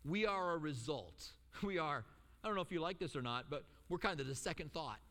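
A middle-aged male pastor preaching a sermon, telling stories with lively asides and acting out the quotes. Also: fairly high pitch, brisk, long reverb tail. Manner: animated storytelling with acted-out quotes and asides.

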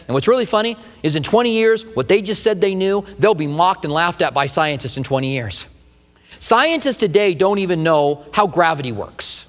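High-voiced preacher in a reverberant hall. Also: male voice. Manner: folksy, animated preaching with humor and slow emphatic stresses. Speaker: pastor. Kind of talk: sermon.

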